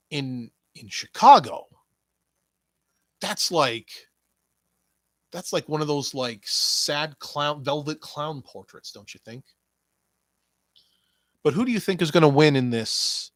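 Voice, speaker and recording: Rambling, sarcastic man, slow-talking. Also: on the high side, animated, dry recording. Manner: rambling, sarcastic, swears, addresses a wrestler directly. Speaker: podcast host. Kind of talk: casual wrestling commentary podcast.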